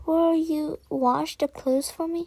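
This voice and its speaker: A woman's voice: high-pitched, steady tone, dark tone, no echo, pitched above the performer's own voice. A woman doing a bossy storybook boatwoman. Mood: coaxing. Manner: brisk and scolding. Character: bossy, mocking middle-aged boatwoman.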